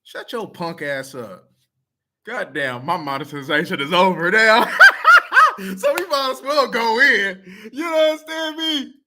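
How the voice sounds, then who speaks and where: A man's voice: high-pitched, measured pace, background noise. A man talking straight to camera, blunt, profane and heated, repeating himself to press his point. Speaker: video commenter. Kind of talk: casual talk to camera.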